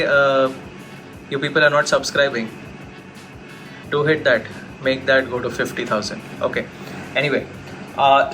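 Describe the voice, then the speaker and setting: A man's voice: medium pitch, bright, forceful tone. A man giving a casual laptop review and talking straight to his viewers. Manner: chatty, talks straight to viewers. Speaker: tech YouTuber.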